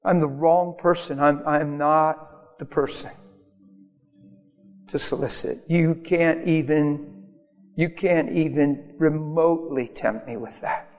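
A man's voice: on the high side, steady tone, slow pace, darkish tone. A man preaching a sermon, telling stories in an emphatic way that rises to sudden bursts. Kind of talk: sermon storytelling. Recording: long hall reverb with faint music.

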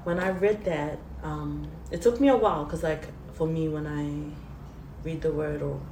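A woman guest giving an earnest, halting faith testimony in an interview. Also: low-pitched, steady tone, a little mellow. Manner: earnest, halting, tearful at times. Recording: roomy, distant, faint hiss.

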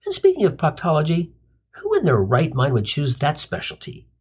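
A man's voice: a little high, huge pitch swings, normal speed, breathy edge. A man hosting a comic storytelling podcast, telling a sardonic, rambling monologue full of tangents and crude punchlines.

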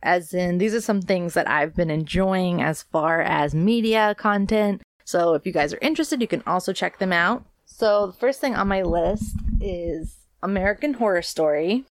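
A woman's voice: on the low side, moderate pace, hardly any pauses, dry recording, clean studio sound. A woman hosting a podcast in a casual, chatty, rambling way, sounding congested from allergies. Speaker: podcast host. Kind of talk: casual solo podcast chat.

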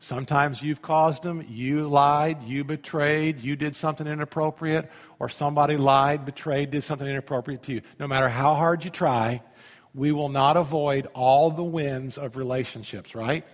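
A man's voice: a little high, steady tone, normal speed. A man pastor preaching a sermon in a conversational way, often asking the audience questions. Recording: long hall reverb.

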